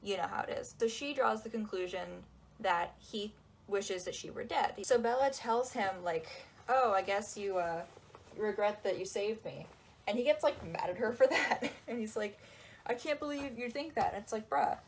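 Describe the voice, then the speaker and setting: A young woman giving casual, sarcastic commentary on a book, acting out quotes in quick asides. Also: mid-range voice, animated, slight background noise, poor audio. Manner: sarcastic, chatty, acts out quotes.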